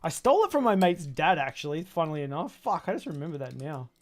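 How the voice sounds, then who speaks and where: A man's voice: on the high side, very animated, quick pace. A man in his thirties chatting casually to his stream while building a toy kit, rambling, swearing and laughing often. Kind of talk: casual livestream chat.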